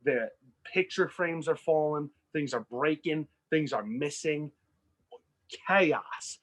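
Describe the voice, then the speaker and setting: Husky man telling a story with gusto. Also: on the high side, slow, poor audio. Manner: animated, acts out characters' lines. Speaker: podcast co-host. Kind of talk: casual storytelling chat.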